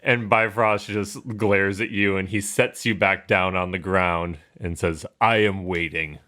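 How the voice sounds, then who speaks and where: A man narrating a tabletop game as game master, telling the story in an animated, laughing way. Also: low voice, a little slow.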